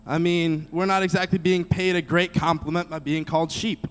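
A man's voice: on the high side, steady tone, normal speed, clear, resonant tone. A man preaching a sermon in a direct, conversational way, speaking straight to the audience. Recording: long reverb of a large hall.

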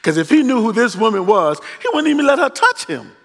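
A man's voice: very high-pitched, very animated, a little fast, full character voice. A man voicing a suspicious male religious leader who talks in fussy, indignant slang. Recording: long reverb of a large hall.

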